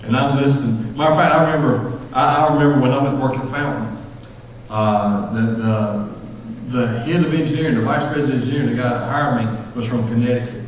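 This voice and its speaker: Fast-talking Southern pastor in echoey hall. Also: male voice, mid-range voice, a little hiss or hum. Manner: fast-talking, storytelling with acted-out voices. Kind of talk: sermon. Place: church sanctuary. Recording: echoey hall, far from mic.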